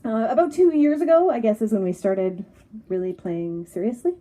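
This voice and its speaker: A woman's voice: a little high, normal speed, mellow. A Canadian woman guest from a band, chatting upbeat on an outdoor porch and laughing easily. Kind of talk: casual interview.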